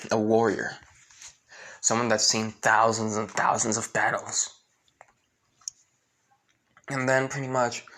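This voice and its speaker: Guy rambling thru a fan story he's making up as he goes, tons of fillers and restarts, medium pitch. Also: a bit bright. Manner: rambling, many fillers and restarts, keeps repeating stock phrases. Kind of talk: casual improvised fan story narration.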